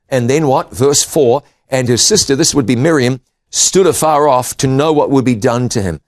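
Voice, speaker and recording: A man preaching a sermon, reading scripture aloud and retelling it with lively rises and drops in pitch and volume. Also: moderate pace. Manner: expressive Bible reading with shifting pitch and volume.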